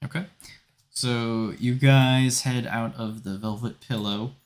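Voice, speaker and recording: A man narrating a tabletop game as game master, relaxed and rambling with many fillers. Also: mid-range voice, slow pace.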